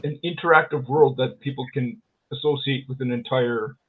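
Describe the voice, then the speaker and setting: A man's voice: mid-range voice, fairly even intonation, normal speed, slight background noise. A man interviewing a guest who stumbles and repeats words while searching for what to say. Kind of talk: casual interview chat. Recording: tinny phone-like line.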